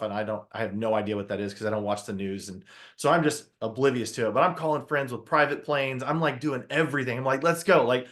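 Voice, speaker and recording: A man giving a motivational talk to an audience, telling a story with lively acted-out quotes and questions to the crowd. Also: mid-range voice. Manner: animated storyteller, acts out his own quotes, asks the audience questions. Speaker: motivational speaker.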